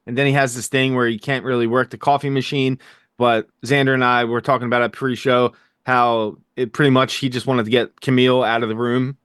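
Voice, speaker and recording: A man hosting a casual TV recap chat, energetic and jokey, with quick fast-talking asides, recorded indoors. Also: mid-range voice, no room sound, clean studio sound. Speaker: podcast host.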